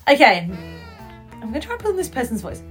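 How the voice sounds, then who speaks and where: A woman hosting a casual podcast quote game, chatty and quick to laugh. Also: fairly high pitch, big pitch swings, over music. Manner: chatty, laughs often, reads quotes in put-on voices. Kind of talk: casual chat.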